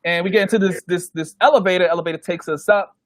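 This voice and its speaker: A man's voice: sits high, quick pace, no echo. A man, a guest DJ, telling a story in casual chat on a podcast and acting out the people he quotes. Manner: animated, acts out the people he quotes. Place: podcast recording.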